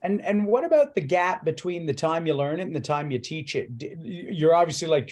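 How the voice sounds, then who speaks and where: A man hosting a martial arts podcast, asking loose, halting questions and swearing casually. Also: a little high, lively intonation, a little mellow. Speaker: podcast host. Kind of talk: casual interview chat.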